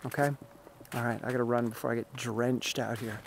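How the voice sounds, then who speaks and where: A man's voice: medium pitch, flat delivery, brisk, creaky, heavy background noise. A man giving an emphatic, explanatory vlog monologue outdoors beside a pond while out running. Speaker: running vlogger.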